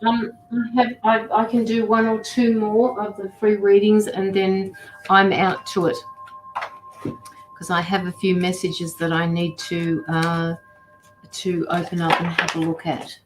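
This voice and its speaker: A woman's voice: medium pitch, level tone, unhurried. A woman hosting a casual livestream as a tarot reader and medium, chatting affectionately with viewers and fussing over her dogs. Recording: roomy echo with faint music.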